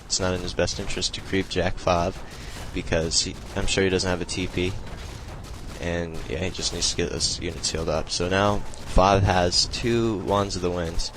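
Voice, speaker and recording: A young man with a deep voice and very little rise and fall talks through a strategy game replay at home. His explaining is loose and rambling, full of fillers and restarts. A faint hiss sits under the recording. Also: steady tone, normal speed. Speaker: replay commentator. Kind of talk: casual strategy game commentary.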